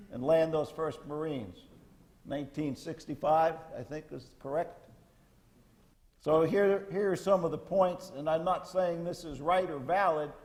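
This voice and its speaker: Older man, retired Marine general lecturing cadets: blunt, folksy, salty asides, voice sitting a bit high. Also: a little mellow.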